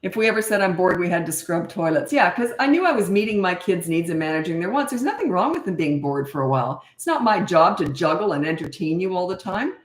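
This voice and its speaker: A middle-aged woman with a lowish voice talks casually on a live stream as a parenting coach. She is chatty and blunt, laughs easily, and sounds like she is in an echoey room. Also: animated, fast talker, few pauses. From Canada. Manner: chatty, laughs often, blunt no-nonsense advice.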